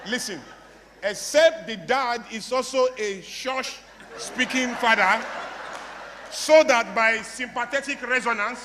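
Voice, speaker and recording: A man's voice: very high voice, slow pace, long reverb tail, noisy background. A man with a Nigerian English accent giving a playful motivational talk to a live audience, mimicking broken English for laughs. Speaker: motivational speaker.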